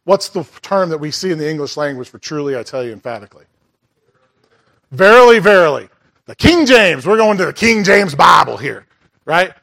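A man's voice: a little high, expressive, brisk, vocal fry, bright, forceful tone. A man preaching a sermon in a church in a conversational way, asking the congregation questions and making asides. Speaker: pastor.

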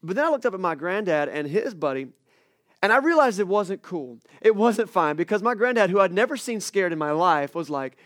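A young male pastor preaching with a high, light voice and a casual, storytelling manner. He acts out little scenes and screams as he goes. The sound is dry and close. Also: animated, fairly quick, fairly bright tone, no room sound. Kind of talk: sermon.

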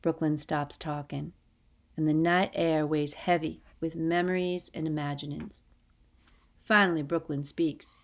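Woman, audiobook narrator, unhurried, folksy dialect, lower-pitched. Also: little pitch movement. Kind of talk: first-person storybook narration.

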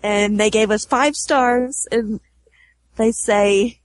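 A woman's voice: a little high, takes it slowly, no echo. A woman co-hosting a podcast, reading listener messages aloud in an upbeat, chatty way.

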